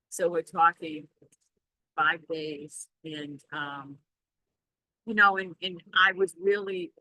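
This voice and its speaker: Slow, rambling spiritual vlogger. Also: medium pitch, bright, forceful tone, no echo, rough recording. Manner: rambling, reflective, self-reassuring. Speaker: Reiki practitioner and reader. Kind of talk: casual spiritual vlog talk.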